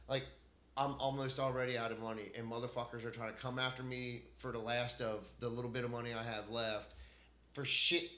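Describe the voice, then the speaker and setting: A man ranting to camera in an unscripted solo vlog, profane and heated, swinging between loud outbursts and muttering. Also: medium pitch. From United States. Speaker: vlogger. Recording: echoey room.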